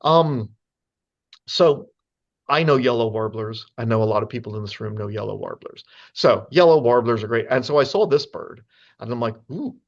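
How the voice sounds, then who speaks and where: A man's voice: medium pitch, normal speed, gravelly, dull audio. Chatty man lecturing on birds. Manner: chatty, many fillers, playful asides. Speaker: speaker giving a talk to birders. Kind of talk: casual lecture with slides.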